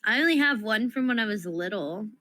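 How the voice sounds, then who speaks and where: A woman's voice: mid-range voice, expressive, brisk, bright, forceful tone, no room sound. A young woman co-hosting a casual radio chat who reacts and rambles in a chatty way, full of "like". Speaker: co-host. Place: radio studio.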